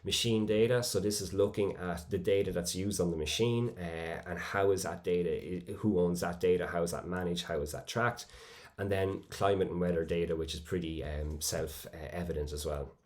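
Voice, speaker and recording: Male conference presenter, deep voice, measured delivery with many fillers and self-corrections. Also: steady tone, a little mellow. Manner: measured, with frequent fillers and restarts.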